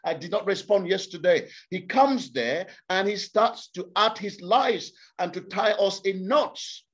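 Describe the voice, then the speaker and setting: A man's voice: high-pitched, animated, measured pace. A man preaching a sermon to a congregation, impassioned and repeating words for emphasis. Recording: slightly dull lo-fi sound.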